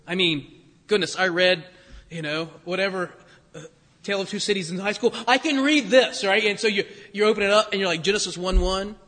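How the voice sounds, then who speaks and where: A man's voice: high voice, fairly even intonation, a little fast, bright, forceful tone, long reverb tail. A man preaching a conversational sermon, full of rhetorical questions and acted-out quotes. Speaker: pastor.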